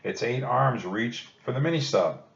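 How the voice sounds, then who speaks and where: A man gently reading a children's book aloud, reassuring young listeners. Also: medium pitch, lively intonation, moderate pace. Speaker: storybook reader. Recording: dull echoey room recording.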